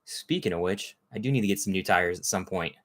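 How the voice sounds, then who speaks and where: Man with a fairly low voice, hosting a casual, rambling live chat. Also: brisk. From Texas. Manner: rambling, chatty, greets viewers by name. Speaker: livestream host.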